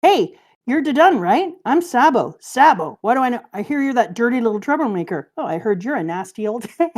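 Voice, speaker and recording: A woman's voice: fairly high pitch, big pitch swings, fairly quick. A woman voicing a cheeky young boy who brashly teases a bandit woman. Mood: teasing. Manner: brash, playful taunting.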